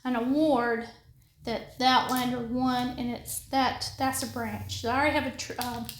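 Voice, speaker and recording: A woman's voice: fairly high pitch, steady tone, normal speed. Rambling woman vlogger in an echoey room. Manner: rambling, many fillers and restarts. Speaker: craft and book vlogger. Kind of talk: casual chat while crafting. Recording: echoey room with faint noise.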